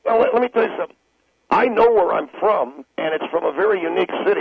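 A man's voice: high-pitched, fast, creaky. A man talking as a guest on a call-in radio show, brash, condescending and insulting. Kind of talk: call-in talk radio banter. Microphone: phone line. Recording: tinny phone line with faint hiss.

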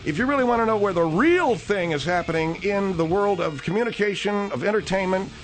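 Gruff mocking radio host man. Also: sits high, fairly quick, faint music behind. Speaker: radio talk show host. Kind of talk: comic talk radio.

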